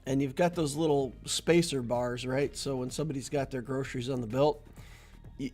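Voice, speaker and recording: Regular-pitched guy streaming a game, chatty, laughs a lot, bit of music underneath. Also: a little mellow. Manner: chatty, laughs often, storytelling asides. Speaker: gaming streamer. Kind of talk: casual gameplay commentary and chat.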